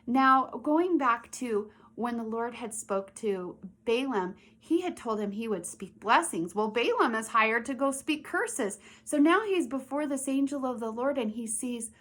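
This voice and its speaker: A young adult woman teaching a Bible lesson to children, retelling the story in an animated way and asking the kids questions. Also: a little high, measured pace, few pauses.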